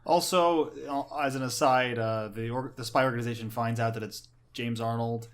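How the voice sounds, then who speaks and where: A man's voice: mid-range voice, fairly even intonation, moderate pace. A man co-hosting a podcast, adding asides to the story with frequent hesitations. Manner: hesitant, with many "uh"s. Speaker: podcast co-host. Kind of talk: casual chat.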